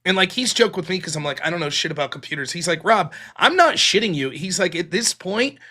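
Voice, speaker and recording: High-voiced, bright male call-in host. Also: lively intonation, fast. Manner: profane, rambling storytelling retelling others' words. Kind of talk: casual political call-in talk.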